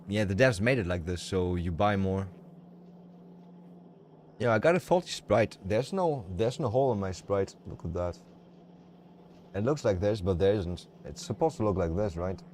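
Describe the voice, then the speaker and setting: A low-voiced man rambles casually while streaming a game, offering strong opinions and frequently restarting his sentences. Loud music plays behind him, and there's slight background noise.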